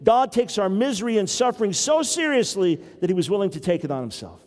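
A man's voice: sits high, sing-song, fast talker, a little mellow, long reverb tail. An older man, a grandfather, preaching a sermon earnestly with wry humor. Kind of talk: sermon teaching.

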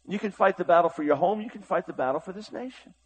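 A male preacher with a slightly raised pitch delivers a fiery sermon. He pushes hard on his calls to action, then drops to a low, intimate tone for the Bible story. His voice carries the urgency of a revival pulpit. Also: fast talker, breathy edge, rough recording. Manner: impassioned, urgent, swings between shouting and hushed tones.

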